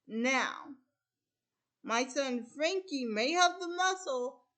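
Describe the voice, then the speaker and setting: A domineering shark mob boss issues stern threats, as a woman puts him on in her own high voice. The lines come slowly and deliberately, with a menacing edge. It sounds like a storybook retelling. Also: animated, fairly bright tone, heavily acted. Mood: threatening.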